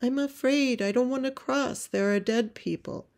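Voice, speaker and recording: A woman's voice: fairly low pitch, moderate pace, a little mellow, lightly acted. A woman voicing a scared little peasant boy. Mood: fearful. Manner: whimpering, fearful.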